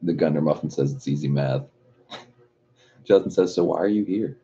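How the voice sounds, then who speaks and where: A man's voice: extremely low pitch, normal speed, mellow, slightly rough. A man hosting a casual livestream, reading viewer comments aloud with laughter and cursing. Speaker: livestream host. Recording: dull lo-fi stream audio.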